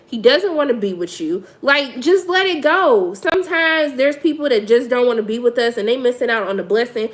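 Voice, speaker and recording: A woman giving sassy, blunt, casual live commentary on a reality show, talking straight to her viewers with features. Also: high-pitched.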